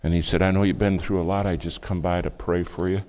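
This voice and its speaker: A man preaching a sermon, telling a family story with hushed asides and louder bursts. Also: low-pitched, flat delivery, fast talker. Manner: dramatic storytelling, acts out quoted speech, shifts between hushed and loud.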